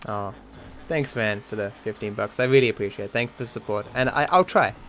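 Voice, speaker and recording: A man's voice: on the low side, fairly quick, fairly bright tone, soft background music. A man commentating his own speedrun on a livestream, swearing often and chatting to viewers, frustrated and self-mocking. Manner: swears often, talks to chat between attempts. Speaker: speedrunning streamer. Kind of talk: live gameplay commentary.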